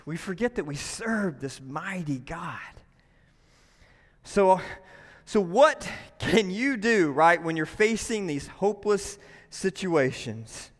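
A man preaching a sermon to his church, emphatic, often asking "right?" to the room. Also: a little high. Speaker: pastor. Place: church sanctuary. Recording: long hall reverb.

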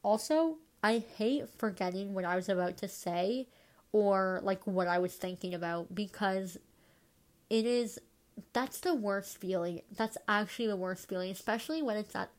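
A woman hosting a solo podcast, a bit stuffed up and nasal, rambling casually with lots of "like"s and self-deprecating asides. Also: medium pitch. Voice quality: nasal from congestion. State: stuffed up, congested. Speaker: podcast host.

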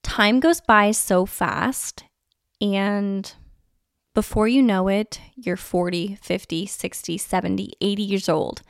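A woman's voice: mid-range voice, fairly even intonation, takes it slowly, gravelly, no room sound, studio quality. A woman in her thirties hosting a casual solo podcast, chatty and nostalgic, with lots of "like" fillers. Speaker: podcast host.

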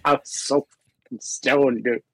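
A man chatting casually and excitably, full of slang and swearing. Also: medium pitch, measured pace, no echo. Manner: excitable, slangy, says dude a lot. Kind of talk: casual chat.

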